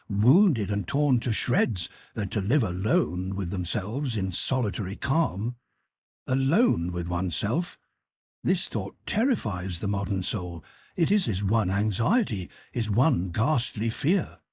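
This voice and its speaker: Male audiobook narrator with a husky tone and a dry, close sound. Measured, deliberate essay reading. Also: mid-range voice, warm tone, no echo. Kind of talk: scripted narration of a philosophical essay.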